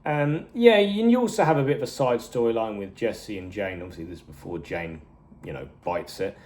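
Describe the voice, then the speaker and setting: A man's voice: on the low side, expressive, a little mellow. Rambling man reviewing a TV series. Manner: rambling, goes off on tangents, acts out characters' lines in quick bursts. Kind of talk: casual review chat.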